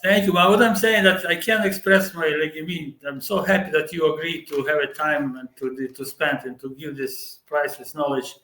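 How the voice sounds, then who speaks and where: Male interviewer, high voice in a roomy space, hesitant, keeps restarting to find his words. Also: fairly even intonation, normal speed, few pauses, bright, forceful tone. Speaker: interviewer, host. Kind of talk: interview questions. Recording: echoey room.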